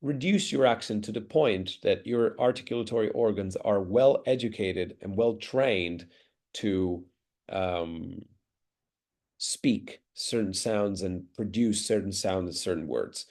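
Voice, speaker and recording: Italian guy w/ british-ish accent, lowish voice, explains things carefully, lots of ums. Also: unhurried, darkish tone. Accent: British-leaning English with traces of American and Australian. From Italy. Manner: articulate, academic, with frequent fillers. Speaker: interview guest, pronunciation teacher. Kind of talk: thoughtful interview answer.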